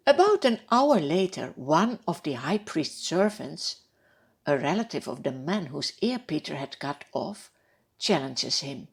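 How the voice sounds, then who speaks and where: A woman narrating a Bible story for children, reading slowly and expressively and asking her young listeners direct questions. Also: sits low, sing-song, gravelly, breathy edge.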